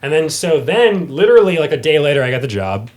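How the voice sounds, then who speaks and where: A man, a guest actor, telling a story in casual chat, animated and swearing often. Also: fairly high pitch, fast. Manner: animated, swears often, acts out quoted dialogue.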